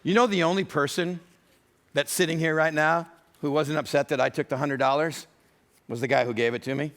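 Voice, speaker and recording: A man's voice: mid-range voice, fairly bright tone. A middle-aged man preaching a church sermon, full of humorous storytelling. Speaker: pastor.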